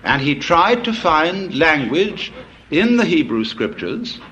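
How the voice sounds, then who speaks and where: A man's voice: a little high, sing-song, slow pace, sharp tone, dull audio, slight background noise. A man giving a public lecture, telling stories in a wry, discursive way with frequent asides.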